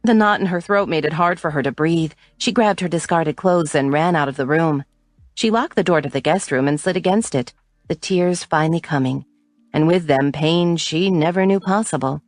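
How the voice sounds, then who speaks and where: A woman narrating a romance audiobook in an expressive reading. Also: low voice, normal speed, no echo, soft background music.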